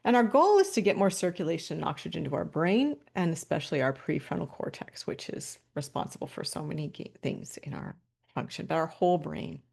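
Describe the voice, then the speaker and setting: A woman presenting a webinar over a video call, calmly guiding listeners through posture and breathing cues with light laughs between instructions. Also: low-pitched, a little fast, creaky, breathy edge. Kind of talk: guided body-awareness instruction.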